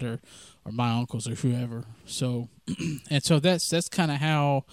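A man's voice: medium pitch, no room sound. A man from the American South with a Southern accent, hosting a podcast in a rambling, folksy storytelling style full of fillers. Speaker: podcast host. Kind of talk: casual storytelling monologue.

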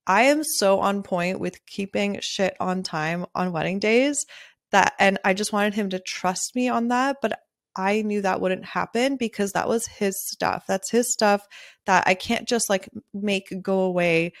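A woman's voice: medium pitch, measured pace, no room sound, studio quality. A woman hosting a casual solo podcast as a wedding photographer, talking candidly and chattily, laughing often and swearing freely.

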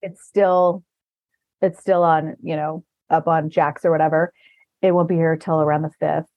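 A woman's voice: low voice, level tone, moderate pace, no room sound. A woman podcast host telling rambling anecdotes in a casual chat, often laughing as she talks. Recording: dull dry lo-fi recording.

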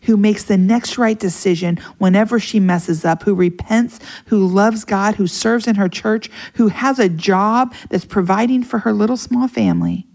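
Gravelly-voiced woman telling a heartfelt story. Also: medium pitch, normal speed, few pauses. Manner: animated, emotional, acts out quoted voices. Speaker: podcast guest. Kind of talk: casual storytelling conversation.

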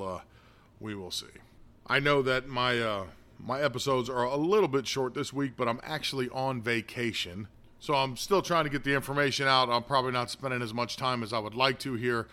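A man's voice: medium pitch, pushed and bright. A man hosting a podcast, giving blunt, opinionated political commentary in a rambling casual monologue. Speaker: podcast host.

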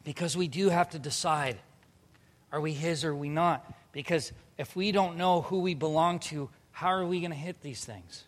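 A man in his thirties preaching a sermon, animated, moving from loud emphatic bursts to quiet earnest passages. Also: on the high side, moderate pace, big-room sound. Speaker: pastor.

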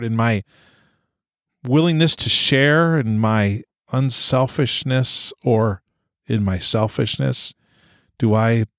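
A man's voice: mid-range voice, no room sound, clean studio sound. A man speaking as a pastor in an earnest, searching sermon, reading scripture aloud with rising emphasis.

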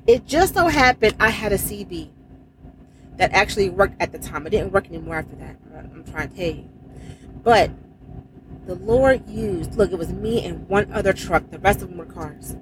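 Woman truck driver, testimony vlog, emphatic and animated, noisy background with vehicles. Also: medium pitch, moderate pace. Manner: animated, emphatic storytelling with exclamations and prayer. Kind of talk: casual spoken testimony.

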